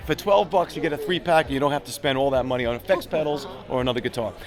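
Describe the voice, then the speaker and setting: A man's voice: a little high, racing. A man demonstrating his guitar product in an interview, upbeat and salesy, coaching a beginner step by step. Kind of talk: product demo with live guitar playing. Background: guitar playing.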